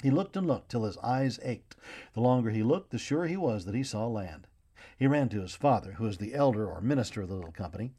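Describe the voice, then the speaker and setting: A man narrating a children's storybook in an expressive, gently paced reading voice. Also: mid-range voice, fast talker, breathy edge.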